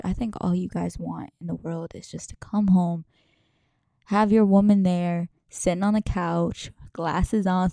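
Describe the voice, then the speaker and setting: A young woman hosts a podcast in a fairly low, gravelly, dark voice, recorded cleanly in a studio with no room sound. Her casual monologue rambles and turns emotional, and she swears and laughs often.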